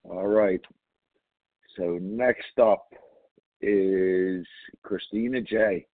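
A man's voice: deep voice, fairly even intonation, extremely slow, dry recording. A man chairing a recovery meeting by phone, easygoing and a little flustered while gathering names. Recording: tinny phone line.

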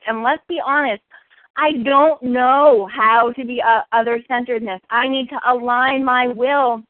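A woman's voice: on the high side, no echo. A woman sharing personally at a recovery meeting, earnest and full of rhetorical questions. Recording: phone-like dry line.

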